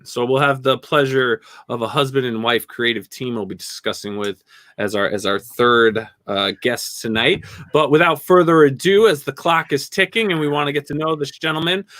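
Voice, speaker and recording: A man hosting a casual online show, chatting in a playful, joking way. His voice is bright and forceful, and the sound is dry and close with little room echo. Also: mid-range voice. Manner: playful, animated, jokey banter. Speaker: show host. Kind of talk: casual livestream chat.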